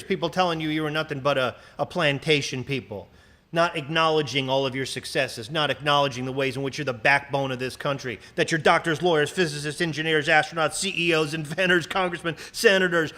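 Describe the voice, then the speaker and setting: A man hosting a livestream, ranting in a casual, profane, animated way with sarcastic asides. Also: fairly high pitch, fairly quick. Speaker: livestream host.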